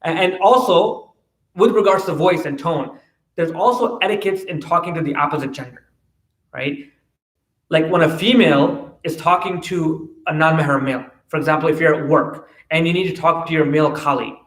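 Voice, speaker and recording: A man giving a casual religious talk, full of restarts and quick "right?" asides. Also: fairly high pitch, a bit bright. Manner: conversational, many "right?" tags and restarts. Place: mosque hall. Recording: roomy, distant mic.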